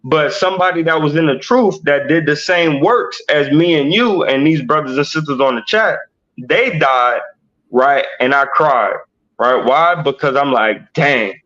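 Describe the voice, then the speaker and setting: A man leading a Bible study livestream, explaining slowly and checking in with "right?" after nearly every point. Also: a little high, fairly bright tone, dull audio. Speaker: teacher.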